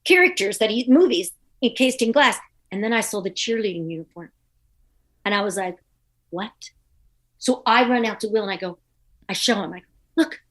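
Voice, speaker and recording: A woman comedian guest telling a lively anecdote in a podcast interview, acting out the people she quotes. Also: medium pitch, brisk. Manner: animated, acts out quoted voices.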